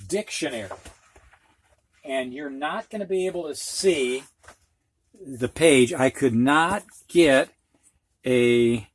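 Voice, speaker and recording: Here's a reading teacher, a man of medium pitch with a Midwestern American accent, giving a slow, explanatory lesson. He explains dictionary pronunciation symbols in a frank, plainspoken manner and stretches sounds out to demonstrate.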